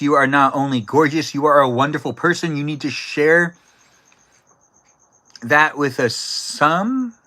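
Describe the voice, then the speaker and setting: Man, live-stream host, bright forceful voice, playful and jokey, chatting with viewers outdoors. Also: mid-range voice. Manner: playful, jokey, talks to chat by name, barks and giggles on request. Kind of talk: casual live-stream chat, reading viewer comments. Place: outdoors, cold evening.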